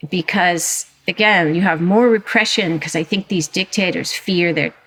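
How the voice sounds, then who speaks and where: A woman, a historian and author, speaking as a guest in a conversational interview, animated and emphatic with frequent restarts. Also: on the low side, normal speed.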